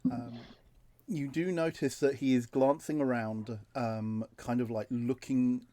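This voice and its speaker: Slow, halting male game master. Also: mid-range voice, steady tone, dark tone. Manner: slow and halting, many fillers. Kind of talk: narrating a tabletop game.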